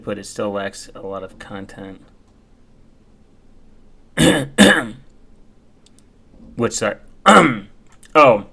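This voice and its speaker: A man's voice: medium pitch, bright, forceful tone. A man from the United States rambling casually while browsing, with many fillers and self-corrections.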